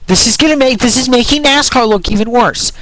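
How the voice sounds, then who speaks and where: High-voiced young man ranting, dry sound. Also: brisk, fairly bright tone, dry recording, low-quality recording. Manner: frustrated, rambling, repeats and restarts phrases; swears while arguing. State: voice cracks when pitch rises. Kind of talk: ranting opinion vlog.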